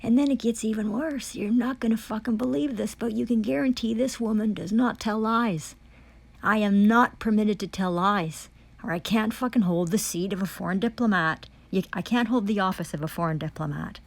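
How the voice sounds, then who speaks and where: A woman's voice: mid-range voice, moderate pace, gravelly. A woman giving an angry testimony, ranting in furious, profane accusations, repeating herself and restarting phrases. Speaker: self-described foreign diplomat giving testimony.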